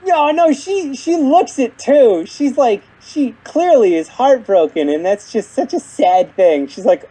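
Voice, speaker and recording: A podcast co-host in casual chat about a cartoon episode, jokey and excitable, swearing casually. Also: medium pitch, unhurried, hardly any pauses, breathy edge.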